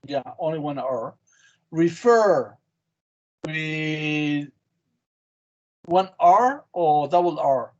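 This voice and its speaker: A man's voice: fairly high pitch, takes it slowly, dull audio. A man teaching an English class, quizzing students on spelling with short, patient prompts. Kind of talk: online class drilling spelling.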